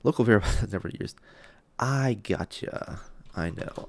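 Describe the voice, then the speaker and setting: A man's voice: lowish voice, moderate pace, creaky, darkish tone, slight background noise. A man streaming live as he codes a game, thinking aloud and muttering to himself, sometimes dropping to a whisper, loopy and self-deprecating. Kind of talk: live-stream coding talk.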